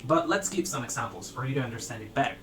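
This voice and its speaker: A man's voice: medium pitch, expressive, very fast, a bit bright, roomy sound, slight background noise, rough recording. A man teaching a grammar lesson, laying out sentence structures step by step in a methodical, repetitive way. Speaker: language teacher.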